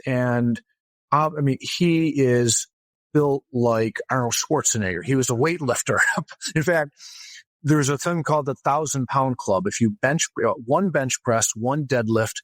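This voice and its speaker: A man's voice: medium pitch, a little slow, dry recording. A man as an interview guest, telling a story casually and with animation, often restarting his sentences. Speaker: guest author.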